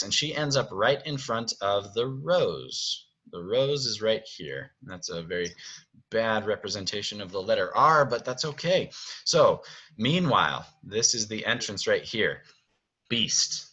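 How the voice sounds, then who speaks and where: Bright, husky-voiced male director. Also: lowish voice, lively intonation, measured pace, lo-fi sound. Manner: chatty, keeps checking with "okay?", sings music cues. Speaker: theater director. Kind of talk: explaining stage blocking. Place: at home.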